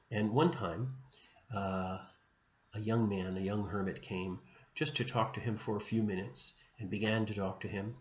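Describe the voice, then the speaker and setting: A man teaching religion by retelling a saint's life gently and without hurry, with small restarts along the way. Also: fairly low pitch. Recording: dull, echoey room recording with faint hum.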